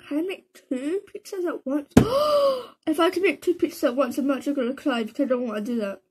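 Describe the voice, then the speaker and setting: Heavy background noise surrounds this woman's high, quick voice. She's a gaming video creator who chats as she plays, mocking herself, talking to herself, and using slang such as "bro" and "man".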